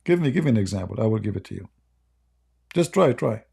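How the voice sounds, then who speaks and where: A man hosting a casual livestream chat, mocking and sarcastic, with a voice going hoarse. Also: on the low side, lively intonation, very fast, dark tone. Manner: mocking, sarcastic banter with frequent laughter. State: hoarse, losing his voice. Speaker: livestream debate host. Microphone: close desk microphone.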